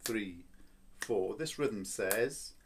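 A man's voice: on the low side, animated, very slow, slight background noise. A man teaching a children's violin lesson, patient and playful, counting beats and explaining step by step.

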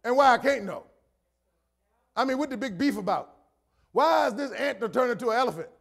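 Middle-aged male pastor with a very high voice, conversational sermon that repeats lines and rises to shouts. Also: expressive, a little fast, vocal fry. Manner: preaches conversationally, repeating phrases for emphasis; builds to shouted emphasis.

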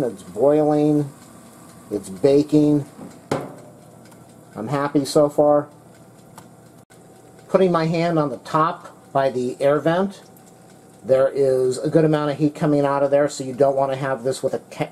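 A man's voice: mid-range voice, measured pace, long pauses, mellow, low-quality recording. A man in his home kitchen giving a casual, methodical product review while he demonstrates the appliance. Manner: plain, methodical, talks while demonstrating and eating.

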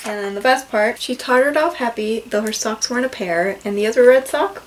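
A woman's voice: on the high side, a little fast, a little hiss or hum, rough recording. A young woman, a librarian, casually reviewing picture books and reading bits aloud in a playful storytime voice.

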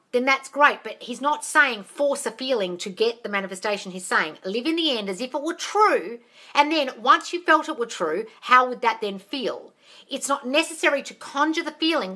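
A woman answers viewer questions on a live phone stream with a bright, forward voice. She is blunt and swears freely, calling everyone darling. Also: a little high. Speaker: manifestation coach hosting a live Q&A.

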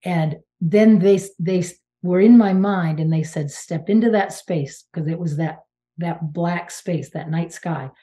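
A woman from Maine in her sixties, a guest medium telling her story in a casual interview, animated and emphatic with exclamations and restarts. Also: on the low side, measured pace. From Maine, United States.

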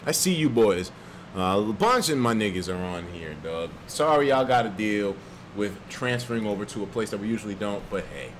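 Man, live streamer, casual chat, swooping expressive pitch, profane, faint room hum. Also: normal speed. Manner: animated, profane, loud jumps in pitch; reads viewer donations aloud.

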